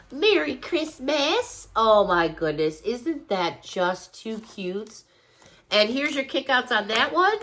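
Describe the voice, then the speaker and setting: Bright-voiced woman gushing over a haul. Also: a little high. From Chicago. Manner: gushing, chatty, enthusiastic. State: sick, coughing. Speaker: haul vlogger. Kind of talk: casual shopping haul vlog.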